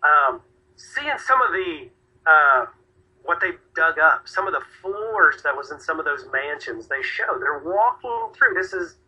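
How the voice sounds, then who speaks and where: Brief: man, radio host, bright husky voice, rambling and quick to laugh, radio sound. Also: on the high side, sing-song, dull audio. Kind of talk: casual talk radio chat.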